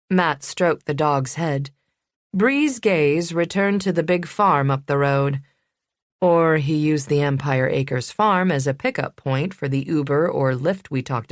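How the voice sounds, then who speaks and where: A woman narrating a suspense audiobook in a measured, even reading. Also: low voice, no echo, studio quality. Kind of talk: scripted narration.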